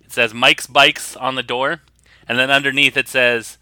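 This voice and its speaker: Bright-voiced game master narrating casually. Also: male voice, medium pitch, little pitch movement, moderate pace, dry recording. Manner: rambling, casual, with laughs.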